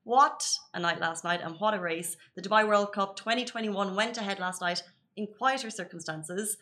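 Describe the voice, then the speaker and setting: A woman's voice: on the low side, pushed and bright. A young woman co-hosting a daily news podcast, chatty and upbeat in casual talk. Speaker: podcast co-host. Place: studio in Dubai.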